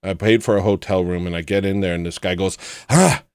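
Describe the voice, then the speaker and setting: A man with a very low voice tells a rambling personal story on a livestream. He talks casually and acts out the people in it with sudden loud put-on voices. The sound is close and dry, with no room around it. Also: flat delivery, fast talker, clear, resonant tone, no echo. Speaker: livestream host.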